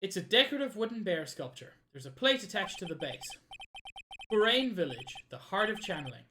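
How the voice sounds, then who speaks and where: A woman's voice: medium pitch, sing-song, brisk, sharp tone, slight background noise. A woman from Africa, playfully reading game dialogue aloud with joking asides. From South Africa. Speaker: game streamer. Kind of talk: playing and voicing a game live. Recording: game music underneath.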